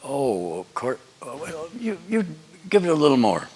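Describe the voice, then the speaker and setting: A man's voice: medium pitch, huge pitch swings, moderate pace, a little mellow. An older man giving a lecture, telling wry anecdotes with chuckles to an audience. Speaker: guest lecturer. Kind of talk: storytelling lecture. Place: lecture hall before an audience.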